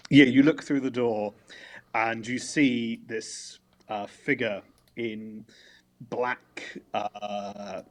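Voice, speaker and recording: A man running a tabletop game as game master, describing scenes in an unhurried way. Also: medium pitch, fairly even intonation.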